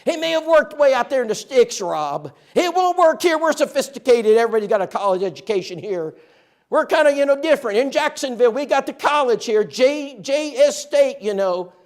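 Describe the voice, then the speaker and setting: A man's voice: very high voice, animated, fairly quick, voice pushed up. A man voicing a proud, condescending churchman who scoffs at new ideas. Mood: smug. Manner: condescending, loud. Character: smug small-town churchman, dismissive and proud.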